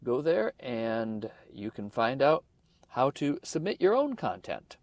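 Male community radio host, gravelly, expressive, dry close sound. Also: medium pitch, takes it slowly, no room sound.

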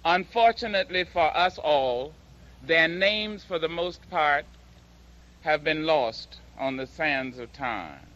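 A woman giving a slow, dramatic public speech and reciting poetry with emphatic delivery. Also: low-pitched, lively intonation, a bit bright, dull audio. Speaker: public speaker and poet.

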